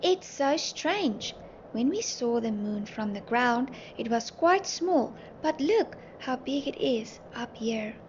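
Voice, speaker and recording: Woman voicing an excitable little doll. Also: a little high, takes it slowly. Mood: amazed. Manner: excited, exclaiming. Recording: muffled, faint hiss.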